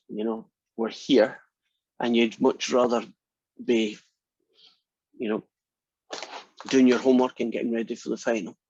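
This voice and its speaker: A math lecturer talks casually and rambles with jokes to his online class. His voice is husky and dry, over a dull, lo-fi video-call sound. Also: mid-range voice, dry recording. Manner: rambling, joking.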